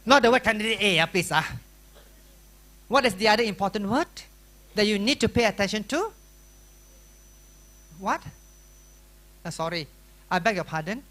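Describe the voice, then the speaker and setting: Lively Malaysian-accented male teacher. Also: sits high, moderate pace, long pauses. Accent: Malaysian English. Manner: lively, questioning, teasing. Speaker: workshop teacher. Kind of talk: classroom lecture. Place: workshop room.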